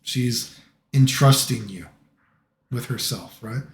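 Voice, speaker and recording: A man's voice: medium pitch, takes it slowly, vocal fry, echoey room. A middle-aged man from the United States, talking in a casual, rambling monologue full of filler phrases. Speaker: vlogger.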